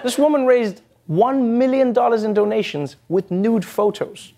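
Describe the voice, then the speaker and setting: High-voiced joking male host. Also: unhurried, dark tone. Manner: joking, sarcastic asides. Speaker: late-night comedy host. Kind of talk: comic monologue.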